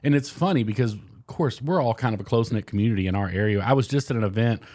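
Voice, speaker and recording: A man hosting a podcast in casual chat, easygoing and quick to laugh. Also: fairly low pitch, a little mellow. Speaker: podcast host.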